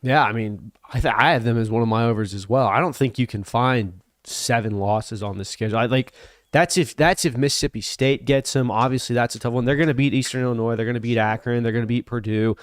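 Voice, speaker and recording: A man's voice: medium pitch, steady tone, fast, dry recording, clean studio sound. A man co-hosting a casual sports talk show, confident and analytical. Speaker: co-host.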